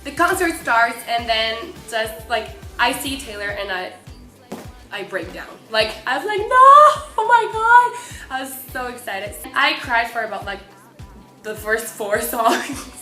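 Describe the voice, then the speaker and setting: Bright gushing young woman. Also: on the high side, a little slow. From Mexico. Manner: excitable, gushing, many fillers. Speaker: vlogger. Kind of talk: casual storytelling. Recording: echoey room with faint music.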